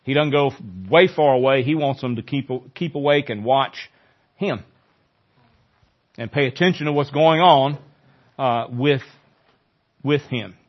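A male pastor preaching a sermon in a conversational way, growing animated when he quotes scripture. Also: mid-range voice, a little slow, pauses often, muffled recording.

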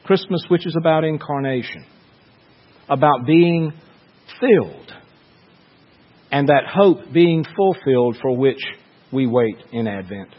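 Slow-preaching man in a reverberant hall. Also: mid-range voice, animated, slightly rough, dull audio. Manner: slow, measured preaching with dramatic pauses. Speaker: pastor. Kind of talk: sermon.

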